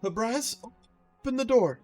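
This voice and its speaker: A man's voice: very high voice, animated, takes it slowly, soft background music, voice pushed up, heavily acted. A man voicing a flustered, dainty noblewoman who stammers and repeats her words. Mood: anxious.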